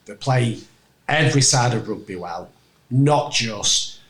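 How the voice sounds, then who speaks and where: A man making a measured point in casual podcast chat. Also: mid-range voice, animated, roomy sound, low-quality recording. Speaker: podcast co-host.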